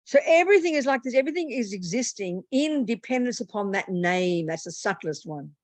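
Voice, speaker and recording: A woman's voice: medium pitch, animated, brisk, dry recording. A woman, a Buddhist nun, teaching a meditation retreat in a blunt, plain-spoken and humorous way.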